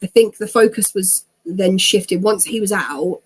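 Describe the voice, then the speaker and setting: A woman, telling her own story as an interview guest. Her voice is husky, her pitch sits mid-range for a woman, and she talks in a chatty, easygoing way. She laughs often and acts out the lines other people said to her. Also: measured pace. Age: 30s.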